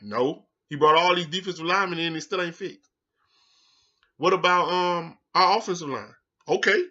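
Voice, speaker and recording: A man hosting a sports show in a casual rant, heated and profane, swinging from low mutters to loud outbursts. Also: muffled recording.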